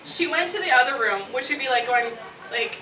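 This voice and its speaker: A woman from Nova Scotia, Canada, in her late twenties, telling a brash, animated comic story on stage, often laughing at her own lines and yelling punchlines. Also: high-pitched, brisk. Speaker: solo comedy performer. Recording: roomy, distant, noisy live room recording.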